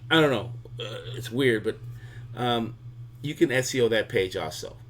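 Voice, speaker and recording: A man's voice: mid-range voice, lively intonation, moderate pace, a little hiss or hum. A man hosting a video, giving a casual, humorous explainer full of analogies. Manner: chatty, talks in analogies. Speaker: video host.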